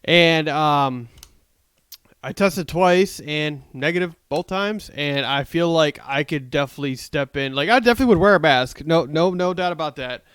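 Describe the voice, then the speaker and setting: A man's voice: fairly high pitch, normal speed, fairly bright tone, smooth, no room sound, studio quality. A young man co-hosting a casual podcast, chatting loosely and laughing often. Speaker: podcast co-host. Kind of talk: casual chat.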